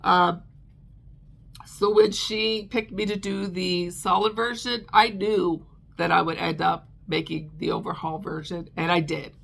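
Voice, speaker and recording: Chatty woman with a gravelly edge. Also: on the low side, steady tone, a little slow. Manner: chatty, with many ums and restarts. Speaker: crochet vlogger. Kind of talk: casual chat.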